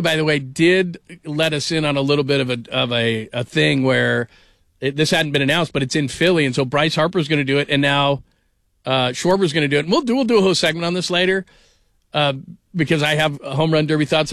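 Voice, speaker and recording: A man's voice: on the high side, fairly bright tone, dry recording, studio quality. A man hosting a sports radio show, talking casually, rambling and laughing often. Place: radio studio. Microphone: studio microphone.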